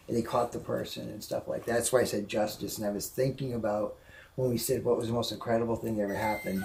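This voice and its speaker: A man with a gravelly voice tells an emotional story from his own life, stumbling and repeating words as it weighs on him. He sits indoors, speaking in an ordinary middle register. A faint hiss of noise sits behind him. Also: mid-range voice, poor audio. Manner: halting, restarts and repeats when upset. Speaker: guest telling a personal story. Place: indoors at a house museum.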